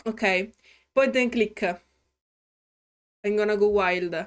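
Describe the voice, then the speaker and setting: A woman's voice: mid-range voice, slow pace, smooth. A woman with an Italian accent, chatting playfully while starting a new game as a gaming YouTuber. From Italy. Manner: playful and chatty, hums to herself. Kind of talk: casual game commentary. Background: faint game music.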